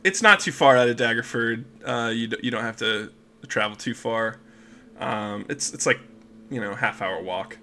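Bright-voiced man running a tabletop game. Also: mid-range voice, normal speed, slight background noise. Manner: rambling, laughing, many restarts. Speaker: game master.

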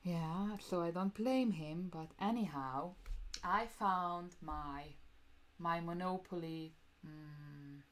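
A woman's voice: fairly low pitch, slow pace. A woman hosting a coloring livestream, chatting casually and laughing with her viewers. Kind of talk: casual chat to stream viewers.

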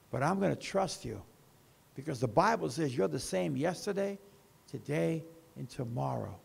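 A man preaching a sermon as pastor, with slow emphasis that rises and falls. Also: fairly high pitch, gravelly, breathy edge.

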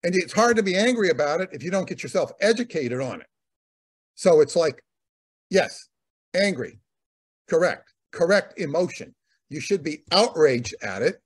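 A man's voice: a little high, expressive, moderate pace, pauses often, breathy edge. A man co-hosting a talk, rambling in casual commentary, often repeating words and using fillers. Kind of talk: conversational commentary.

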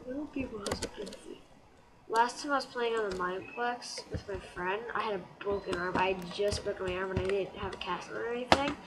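Over heavy background noise and the clicking of a keyboard, a gameplay commentator talks fairly quickly in a medium-pitched voice. Her let's-play chatter is casual, broken by frustrated shrieks.

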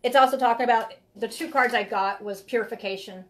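A woman's voice: fairly high pitch, fairly quick, fairly bright tone. A woman giving a live tarot reading, talking in a rambling, heartfelt way and often repeating herself. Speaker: tarot reader.

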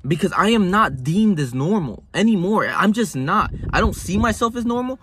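A young man speaks straight to his viewers in a casual motivational monologue. His voice is husky and sits a little high. He talks in loose slang, swears often and keeps restarting his sentences. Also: expressive, moderate pace, a bit bright, no echo. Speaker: vlogger. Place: hot room.

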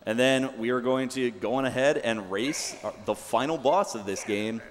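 A young man casually explaining his own speedrun as he plays, relaxed and full of fillers. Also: medium pitch, moderate pace. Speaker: speedrunner commentating his run. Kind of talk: casual live commentary. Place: event venue. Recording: long hall reverb, faint background noise.

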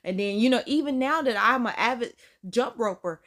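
A woman's voice: on the high side, fairly quick, fairly bright tone. A woman hosting a reaction video, chatting casually and sounding incredulous as she talks to viewers. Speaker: host reacting to clips.

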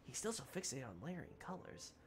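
A man's voice: on the high side, big pitch swings, fairly quick, very noisy. A man streaming a game, chatting casually with his viewers while he plays. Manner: chatty, talks to chat while playing. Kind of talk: casual let's-play commentary.

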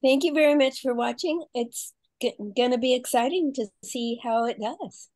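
Brief: dry-witted actress, high but mellow voice, close and dry sound. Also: female voice, normal speed, dry recording. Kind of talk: casual video call chat. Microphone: video call.

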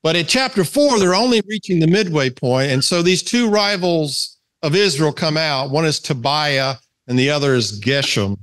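Man, Southern American accent, conversational Bible teacher, fairly high voice, questions to the room. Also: lively intonation, moderate pace, hardly any pauses, fairly bright tone. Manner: conversational, asks the room questions, reads scripture aloud. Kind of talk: casual sermon to a men's group.

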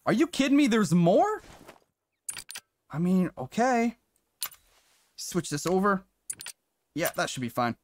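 Male streamer, casual live commentary, excitable with some swearing, high-ish animated voice. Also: a little hiss or hum. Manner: excitable, swears, chats to viewers. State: briefly out of breath. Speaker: game streamer.

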